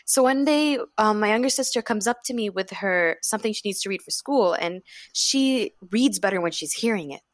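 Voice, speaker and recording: A young woman from Jordan, an acting student, telling stories as a podcast guest, animated and laughing often. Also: mid-range voice, moderate pace, hardly any pauses, no room sound, studio quality. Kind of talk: casual interview storytelling.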